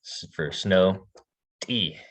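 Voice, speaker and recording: Slow, deep-voiced man teaching. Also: slightly rough. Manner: relaxed, demonstrates sounds slowly with soft laughs. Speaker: language teacher. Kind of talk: online language lesson.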